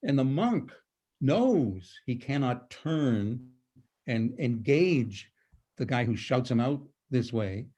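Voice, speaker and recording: Older man, mellow unhurried lecturer. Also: medium pitch, lively intonation. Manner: reads verses slowly and dramatically, then explains them. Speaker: lecturer on poetry. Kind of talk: presentation over a video call. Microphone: video call.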